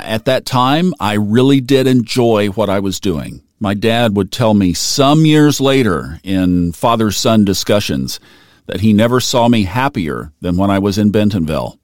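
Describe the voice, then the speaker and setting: Earnest middle-aged man, low voice. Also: darkish tone, no echo, studio quality. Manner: earnest, conversational, emotional at times. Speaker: storyteller recalling his career. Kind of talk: reflective personal storytelling.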